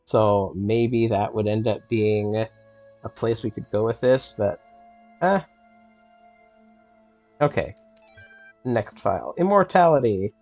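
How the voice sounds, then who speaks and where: A man hosting a casual game let's play, reading in-game texts aloud and puzzling over them with a playful, thinking-out-loud manner. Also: fairly low pitch, animated, slow, pauses often, highs cut off, faint music behind. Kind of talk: casual gameplay commentary.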